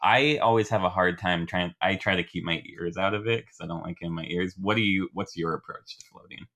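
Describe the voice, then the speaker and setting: A man's voice: deep voice, fairly quick, a bit bright. A man running an improvised story game as game master, asking playful leading questions.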